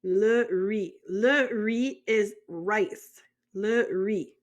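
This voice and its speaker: Drawing out her words in a mid-range voice, a woman from the United States gives a chatty French vocabulary lesson. She jokes around and asks the viewer questions.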